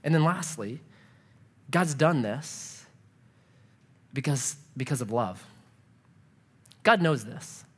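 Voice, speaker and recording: A man's voice: mid-range voice, slow, long pauses, husky. A man in his thirties preaching a sermon, telling family stories and acting out the voices in them. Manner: animated storyteller, acts out voices. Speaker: pastor.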